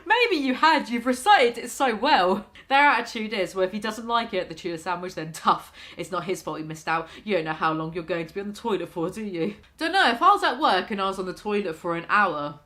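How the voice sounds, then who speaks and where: A woman's voice: fairly low pitch, animated, fast talker, hardly any pauses, sharp tone. A woman vlogger reading out a news story and breaking off for sarcastic, mocking commentary. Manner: sarcastic, mocking, laughs at her own jokes.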